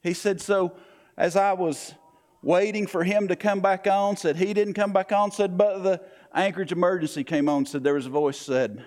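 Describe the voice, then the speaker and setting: A man's voice: high-pitched, fairly even intonation, moderate pace, darkish tone. Folksy man telling a story. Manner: folksy, repeats "he said" and "I went". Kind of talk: storytelling sermon illustration.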